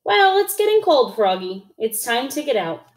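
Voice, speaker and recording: Cheerful coaxing mother frog voiced by a woman, high, sing-song, storybook character. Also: big pitch swings, normal speed. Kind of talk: storybook read-aloud.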